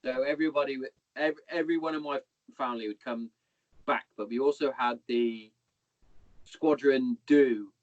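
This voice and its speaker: In a mid-range voice with fairly even intonation, a man from Hereford, England rambles on as a podcast guest about the army. He moves at a moderate pace, swears often and uses "mate" for the listener. There's no room sound, just dull lo-fi podcast audio.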